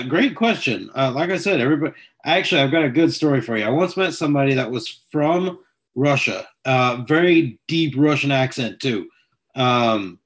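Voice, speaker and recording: A man of ordinary pitch hosts a casual live chat and talks to viewers as they join. His manner is chatty and welcoming, and he speaks into a phone or webcam mic. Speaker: livestream host.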